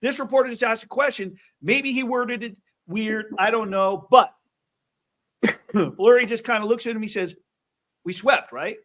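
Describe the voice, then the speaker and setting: A man hosting an interview, telling stories in an animated way with quick asides. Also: high voice. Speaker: host. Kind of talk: casual interview chat.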